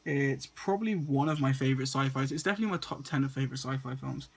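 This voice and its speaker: A man's voice: medium pitch, quick pace, vocal fry, a little hiss or hum. A man, stuttering and restarting often as he casually talks through a list of movies to his camera. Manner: stutters and repeats words often. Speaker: movie vlogger.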